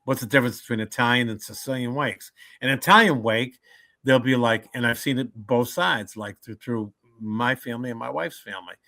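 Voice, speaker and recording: A man who works as a comedian and motivational speaker, talking in a casual podcast interview. He tells animated stories, acts out the people he quotes, and often restarts his sentences while thinking. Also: medium pitch, a little fast. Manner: frequent restarts and stammers when thinking.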